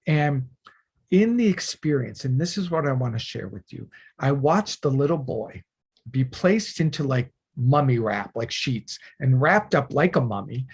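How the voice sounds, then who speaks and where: A man telling a deeply personal healing story in an earnest, emotional way, often restarting his phrases and letting his voice drop softly. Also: slightly rough. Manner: earnest, emotional, with many restarts and soft drops in volume. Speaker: spiritual teacher.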